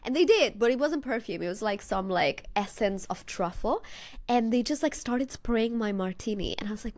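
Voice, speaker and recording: A woman from Spain hosting a podcast, telling stories in a chatty, animated way with many fillers. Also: on the high side, normal speed, no room sound. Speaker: podcast host. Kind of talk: casual chat.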